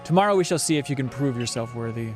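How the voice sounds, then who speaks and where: A man's voice: medium pitch, animated, fast talker, soft background music, close to an everyday voice. A man reading as a stern female captain.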